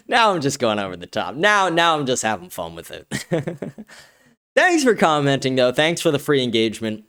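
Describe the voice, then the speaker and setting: A man hosting a livestream, reading viewer comments with profane, combative ranting that turns excited when he is pleased. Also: medium pitch, moderate pace, long pauses. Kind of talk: casual streaming talk.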